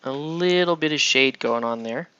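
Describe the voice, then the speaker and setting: A man's voice: medium pitch, moderate pace, sharp tone, clean tone, no room sound. A man hosting a casual painting tutorial, chatty and rambling as he works, often checking in with "right?". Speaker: miniature painting host. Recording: dull lo-fi dry sound.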